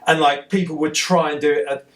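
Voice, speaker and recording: A man, a podcast guest, telling an excited, rambling story in casual conversation, sitting some way off the mic. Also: fairly high pitch, brisk.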